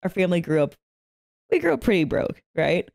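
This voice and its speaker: A young woman hosting an anime reaction video, chatting and telling stories in an animated way, laughing often and swearing freely. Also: lowish voice, fairly quick, vocal fry. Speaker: anime reaction channel host. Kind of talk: casual reaction chat and storytelling.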